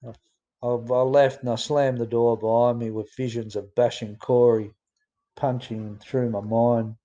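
Mellow Australian man reading his memoir. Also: medium pitch, fairly even intonation, unhurried, highs cut off. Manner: plain storytelling with fillers and restarts. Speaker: memoir narrator. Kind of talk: reading a personal memoir aloud.

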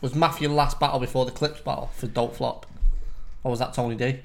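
A man's voice: mid-range voice, steady tone, vocal fry. A man hosting a casual podcast chat and asking follow-up questions. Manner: quick, asks follow-up questions. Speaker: interviewer, battle rapper.

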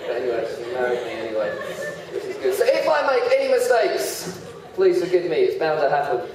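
A man's voice: fairly high pitch, very animated, fast, very noisy. A man giving a humorous sermon, telling self-deprecating stories about his own slip-ups. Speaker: preacher. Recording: very echoey hall, voice heard from far off.

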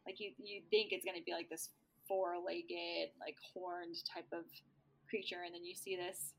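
A woman's voice: fairly low pitch, level tone, moderate pace, gravelly. A woman co-hosting a casual chat, gushing and rambling, leaning heavily on fillers.

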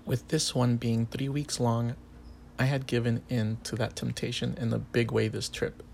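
A man narrating a first-person erotic story in a calm, even way. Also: medium pitch, moderate pace, gravelly, slight background noise.

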